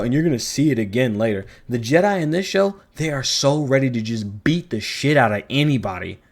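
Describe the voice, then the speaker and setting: A man giving a ranting video review, sarcastic, profane and exasperated. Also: mid-range voice. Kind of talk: ranting commentary.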